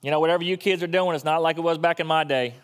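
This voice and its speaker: A man's voice: fairly high pitch, rapid-fire, clean tone, long reverb tail, natural voice. A man putting on a grumbling old man with a Southern US drawl who insists things were better in his day.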